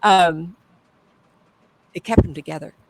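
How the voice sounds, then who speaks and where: An older woman, a psychic medium, telling stories in a casual interview, animated and acting out the people she quotes, often trailing off and starting over. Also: fairly low pitch, takes it slowly, slight background noise, rough recording. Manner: animated, acts out quoted voices, trails off and restarts.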